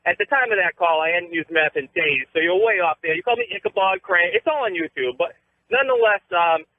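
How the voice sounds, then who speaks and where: Fast-talking male caller on phone. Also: high-pitched, slight background noise. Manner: rapid, deadpan insult routine. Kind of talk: prank radio call. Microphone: telephone. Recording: tinny phone line on radio.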